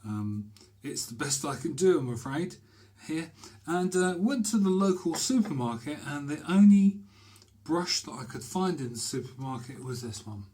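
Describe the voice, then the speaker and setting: A man's voice: a little high, expressive, normal speed, dark tone. A man talking casually to camera in a small bathroom, chatty and hesitant, with many fillers as he describes a shaving brush. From Britain. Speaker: shaving vlogger.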